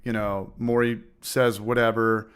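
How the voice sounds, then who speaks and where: A man hosting a casual homebrewing livestream with a loose, profane manner, repeating phrases, giving shout-outs and now and then fighting off a smoker's cough. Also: lowish voice, flat delivery, measured pace, smooth. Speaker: livestream host of a homebrewing channel. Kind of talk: casual livestream chat, reading out viewer comments.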